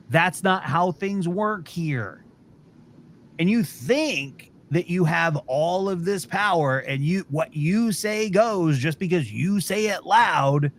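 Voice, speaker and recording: Guy ranting on a podcast, high voice that jumps all over, swears a lot. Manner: profane, exasperated ranting. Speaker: podcast host. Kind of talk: casual ranting chat.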